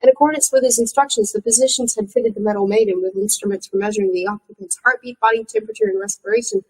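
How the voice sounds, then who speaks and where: Lady reading a book out loud, kinda high voice, steady pace. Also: fast talker, breathy edge, low-quality recording. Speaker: audiobook reader. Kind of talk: reading a novel aloud.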